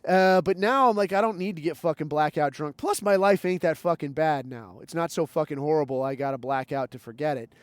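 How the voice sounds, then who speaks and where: Man, 30s, podcast host, crude rambling rant, heavy swearing, slightly high voice, dry close mic. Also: brisk, few pauses, clean tone, no echo. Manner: profane, rambling storytelling.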